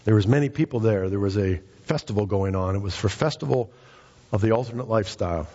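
A middle-aged man preaching a fervent sermon, his voice climbing to high, emphatic peaks. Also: quick pace, dark tone, dull audio. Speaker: pastor.

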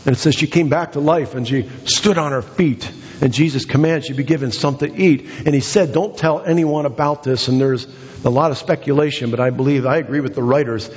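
A male pastor preaching a sermon in a church, building to excited, emphatic exhortations with repeated phrases. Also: medium pitch, brisk. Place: church sanctuary. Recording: dull sound with long hall reverb.

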